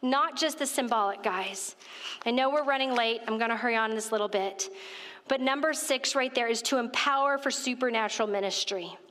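A woman telling a story in a sermon, animated and chatty, talking straight to the people in front of her. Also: on the high side, brisk. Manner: animated, conversational, addresses listeners directly. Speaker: women's ministry speaker. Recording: reverberant hall.

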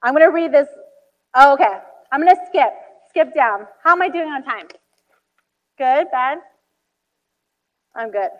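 A woman's voice: sits high, expressive, a little slow, pauses often. A woman in her thirties preaching a sermon, telling stories animatedly with acted-out quotes and many "like"s. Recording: dull hall recording.

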